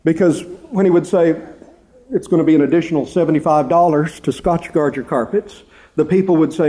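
A man preaching a sermon, telling a story with lively emphasis and earnest, drawn-out stresses on key words. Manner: animated storytelling, rising pitch for emphasis.

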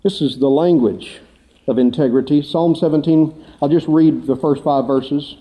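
A man preaching a sermon, telling a story with lively emphasis and earnest, drawn-out stresses on key words. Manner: animated storytelling, rising pitch for emphasis.

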